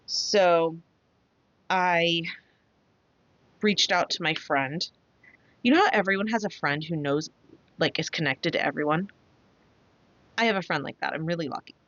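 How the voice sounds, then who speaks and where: A woman's voice: lowish voice, measured pace, pauses often, a bit bright, no echo. Chatty woman, dull dry recording. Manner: chatty, rambling storyteller with many fillers. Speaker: craft channel host. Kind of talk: casual chat while crafting.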